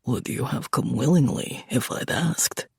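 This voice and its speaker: An actor playing a menacing, cold mafia boss in a dark romance audiobook, slow and threatening with sudden shouts. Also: male voice, medium pitch, expressive, no room sound, clean studio sound, heavily acted. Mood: cold menace. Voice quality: gravelly, raspy.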